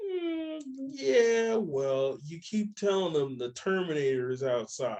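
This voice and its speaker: A young man co-hosting a casual chat, telling stories with animated voices for the people he quotes. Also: a little high, slow. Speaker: podcast co-host.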